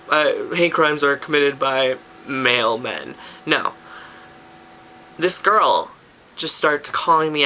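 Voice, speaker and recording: A young man vlogging, telling a story in a casual, animated way and filling his talk with "like". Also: fairly high pitch, slight background noise.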